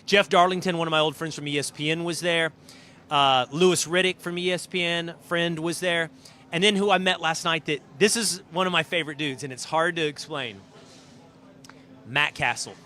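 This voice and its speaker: A middle-aged male host tells backstage stories with animated emphasis, pushing key words hard. His voice sits a bit high and sounds bright and forceful. He talks casually from a green room. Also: moderate pace. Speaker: show host. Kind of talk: casual storytelling and show preview. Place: green room at a live event.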